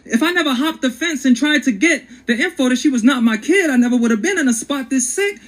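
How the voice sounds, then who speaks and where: Guy with a high voice doing a spoken word piece, rhymes flowing, acts it out. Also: lively intonation, fast, fairly bright tone, poor audio. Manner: rhythmic, dramatic storyteller who acts out quotes. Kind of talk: rhyming spoken word storytelling.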